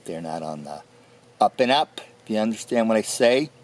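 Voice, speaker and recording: An actor playing a foul-mouthed, short-tempered recluse who talks in a threatening way. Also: male voice, on the low side, lively intonation, normal speed, a little hiss or hum, close to an everyday voice. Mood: menacing. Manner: threatening, profane, growling. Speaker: interview subject in a mockumentary.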